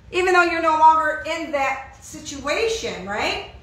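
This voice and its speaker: A woman preaching a sermon in an animated way, asking her listeners questions and acting out the voices of pushy friends. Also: sits high, takes it slowly. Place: church hall. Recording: echoey hall, mic at a distance.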